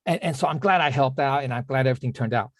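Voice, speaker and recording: A man's voice: mid-range voice, very fast, no room sound. Rambling man teaching in a dry voice. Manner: rambling, many restarts and repeated words; apologetic asides when losing the thread. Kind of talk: casual storytelling in an online class.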